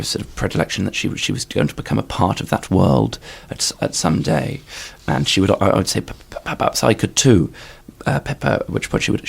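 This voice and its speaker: A young man giving a deadpan, stammering comic interview, repeating words as he goes. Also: low voice, gravelly, husky. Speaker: comedian guest. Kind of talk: improvised comedy interview.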